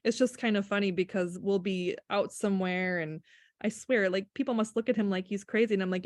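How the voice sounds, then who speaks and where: Dry-voiced animated woman telling stories. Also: medium pitch, a little fast, no echo. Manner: animated storyteller, acts out quotes with laughter. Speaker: guest, speech-language pathologist. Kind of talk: casual podcast chat.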